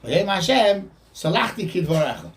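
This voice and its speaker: A man giving an informal Torah class, quoting Hebrew texts and explaining them in with lively energy. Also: sits high, normal speed, slight background noise. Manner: animated, quotes Hebrew texts then explains in English. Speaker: rabbi teaching a Torah class. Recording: voice from a distance from the mic.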